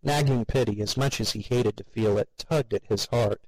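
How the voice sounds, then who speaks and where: A man narrating an audiobook in a measured, wry way. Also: lowish voice, poor audio.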